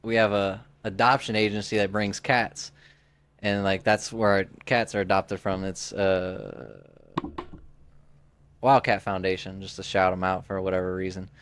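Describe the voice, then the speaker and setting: A man's voice: low-pitched, measured pace, a bit bright, slight background noise. A man in his twenties, a podcast co-host, telling a story in a rambling casual way with lots of "like" and restarts. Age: 20s. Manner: rambling, heavy use of "like", frequent restarts.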